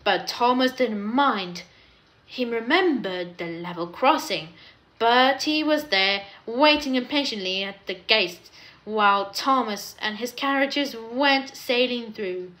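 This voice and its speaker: A woman reading a children's story aloud in an expressive, animated way. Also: on the high side, slow pace.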